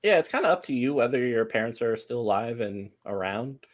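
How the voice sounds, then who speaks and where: A man's voice: mid-range voice, lively intonation, a little fast. A man running a tabletop game as game master, narrating with many fillers and laughs.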